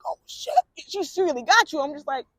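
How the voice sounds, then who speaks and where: A woman with a high voice tells a story in a relaxed, chatty way, playing out each back-and-forth with bursts of laughter. The sound is dry and close. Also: fast talker, dry recording. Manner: animated, laughing, acts out quotes. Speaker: interview guest. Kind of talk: casual storytelling chat.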